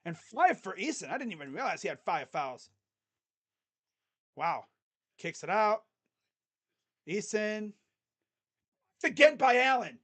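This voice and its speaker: A fan streamer calling a basketball game live, play-by-play style, mixing excited calls with sarcastic jokes and quiet mutters. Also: medium pitch, measured pace, pauses often, husky. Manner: joking, sarcastic asides. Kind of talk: casual live play-by-play reaction.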